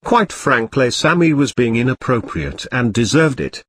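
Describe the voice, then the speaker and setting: A man narrating a scripted comedy story in a flat, matter-of-fact way. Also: medium pitch, moderate pace, husky.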